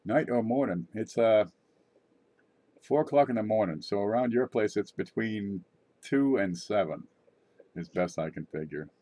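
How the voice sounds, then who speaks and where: Husky middle-aged man rambling. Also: lowish voice, animated, a little slow, warm tone. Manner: rambling, joking, offhand. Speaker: channel host. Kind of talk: casual rambling vlog monologue.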